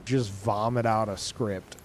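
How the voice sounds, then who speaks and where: A man talking casually to his live-stream chat, who calls his own voice monotone. He rambles with many fillers and restarts and swears often. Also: fairly low pitch, slow pace, slight background noise. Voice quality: self-described monotone.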